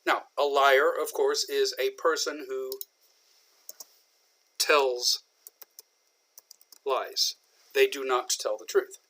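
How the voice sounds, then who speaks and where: A man from southern Indiana, patiently explaining an English idiom in a recorded lecture, with many pauses and fillers. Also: mid-range voice, fairly even intonation, sharp tone. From southern Indiana, USA. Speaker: English teacher.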